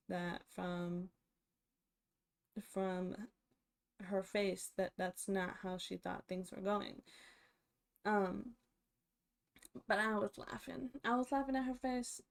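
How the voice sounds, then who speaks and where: Young woman, casual TV recap vlogger. Slow, unhurried delivery, lots of fillers and restarts. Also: medium pitch, fairly even intonation, gravelly.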